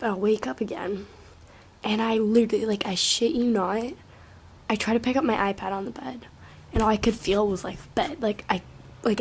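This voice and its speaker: A young woman tells a rambling story to her camera in a husky, mid-pitched voice. She peppers it with profanity and filler likes, and often sinks into a hushed near-whisper.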